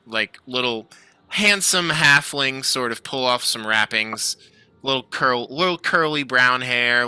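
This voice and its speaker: Bright-voiced man running a tabletop game. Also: medium pitch, clean tone, no room sound. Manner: loose, filler-heavy narration. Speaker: game master.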